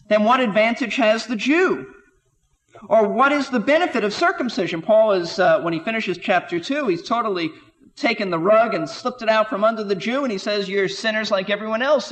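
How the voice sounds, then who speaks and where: A man with a high voice teaches through a scripture passage verse by verse. He presses his points with rhetorical questions and lifts his voice when quoting the text. A long reverb trails behind his words. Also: a bit bright. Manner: emphatic, rhetorical questions, quotes scripture with rising voice. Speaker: Bible teacher. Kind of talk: expository Bible teaching.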